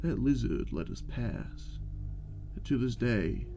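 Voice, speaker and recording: A man giving scripted narration in a slow, reflective way. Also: mid-range voice, lively intonation. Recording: narration over loud music.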